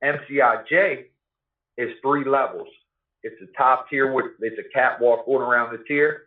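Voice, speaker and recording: A man's voice: mid-range voice, steady tone, normal speed. Profane man, echoey tinny sound. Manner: blunt, profane street talk with frequent "you know what I mean". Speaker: guest telling his life story. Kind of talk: casual storytelling. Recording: echoey room over a tinny phone-like line.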